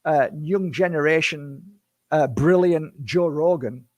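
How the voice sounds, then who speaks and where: A man's voice: on the high side, takes it slowly, dry recording. A man in his fifties, a spiritual healer, speaking to camera in an impassioned, defensive monologue full of rhetorical questions. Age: 50s.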